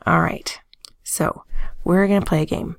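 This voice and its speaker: A woman math teacher giving a recorded lesson, playful and chatty, often dropping into a soft whisper. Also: fairly low pitch, fairly even intonation, a little slow, vocal fry, dry recording, studio quality. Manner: playful, sings little tunes and jokes.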